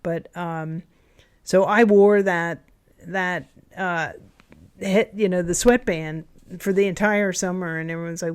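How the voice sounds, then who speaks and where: Woman in her fifties, low-pitched, unhurried, meandering, casual interview chat. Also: fairly even intonation, darkish tone. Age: 50s. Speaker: camp owner, guest.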